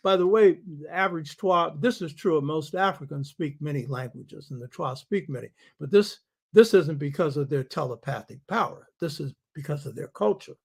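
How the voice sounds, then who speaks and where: A man's voice: fairly high pitch, moderate pace, creaky, breathy edge. A man hosting a show, giving an emphatic lecturing monologue and throwing rhetorical questions at his listeners. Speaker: host.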